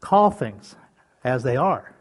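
An older man preaching a sermon in a folksy way, chuckling often and swinging between loud calls and soft whispers. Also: medium pitch, very animated, slow. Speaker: pastor.

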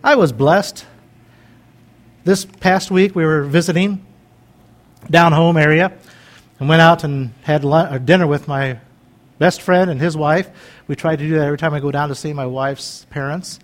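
A man's voice: on the high side, fairly even intonation, moderate pace, pauses often. A man in his fifties preaching in a folksy, conversational way, joking and wandering into chatty asides. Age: 50s. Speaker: pastor.

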